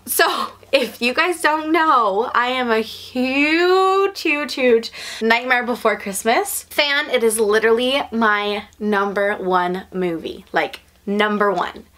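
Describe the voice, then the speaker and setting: A young woman with a slightly high voice unboxes something for a vlog, talking slowly to her viewers with gushing, breathless excitement.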